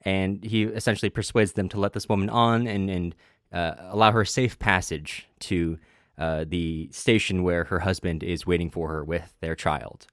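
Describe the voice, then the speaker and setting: A man with a very low voice talks through a story in a casual book podcast, pausing often on "uh" as he works through it. He reads quoted passages aloud. The sound is dry and close, with no room around it. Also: steady tone, dry recording. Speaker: podcast co-host.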